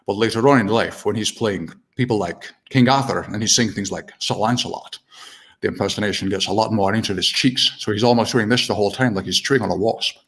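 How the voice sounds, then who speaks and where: A man doing an impression of a suave older film star with a slow, slushy delivery. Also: fairly low pitch, a bit bright, voice pushed down.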